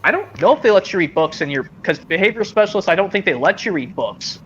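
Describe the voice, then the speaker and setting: A man's voice: sits high, expressive, fast, a bit bright, highs cut off, a little hiss or hum. A man streaming a casual chat, rambling and hesitant, with many restarts, heard over a video call.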